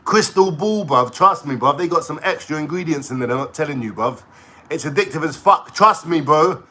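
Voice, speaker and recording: Man, livestream rant, swearing, excitable, fairly high voice. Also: a little fast. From London.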